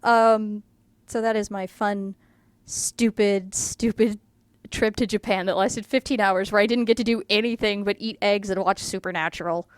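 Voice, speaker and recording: American woman vlogger, rambling casual anecdote, smooth tone, dry. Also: medium pitch, fairly even intonation, normal speed, dry recording. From United States. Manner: chatty, rambling with many fillers, laughs through the telling. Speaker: artist vlogger. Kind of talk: casual storytelling.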